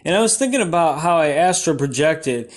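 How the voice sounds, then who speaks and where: A man doing rambling, absurd stand-up comedy in a deadpan way, breaking into sudden shouted outbursts. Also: a little high, fairly quick.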